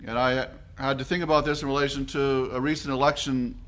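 A man from Canada preaches a sermon in an earnest, reflective way. He often pauses, fills gaps and restarts his phrases as he thinks aloud. His voice sits at a middle pitch for a man. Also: flat delivery. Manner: earnest, reflective, with frequent fillers and restarts, growing quieter and slower.

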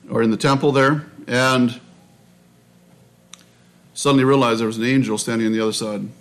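A man preaching a sermon in a measured, reflective way, often restarting his phrases. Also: medium pitch, a bit bright. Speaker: pastor.

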